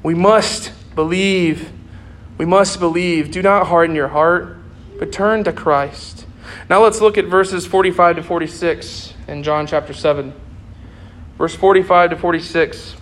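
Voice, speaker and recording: A man's voice: on the high side, fairly even intonation, normal speed, fairly bright tone, a little hiss or hum. A young man preaching a sermon in an earnest way, repeating key phrases for emphasis.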